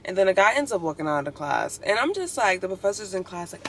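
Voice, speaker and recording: A woman's voice: medium pitch, sing-song, quick pace, hardly any pauses, noisy background. Chatty young woman vlogging. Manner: chatty, opinionated, lots of "like". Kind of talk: casual storytelling vlog.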